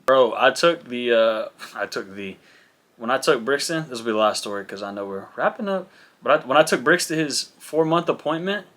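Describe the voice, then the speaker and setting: A young man with a bright, forward voice sits in for casual podcast talk. He spins everyday stories and jumps into the voices of the people in them. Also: medium pitch, fairly quick. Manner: animated, acts out dialogue in stories. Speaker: podcast co-host. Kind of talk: casual storytelling chat.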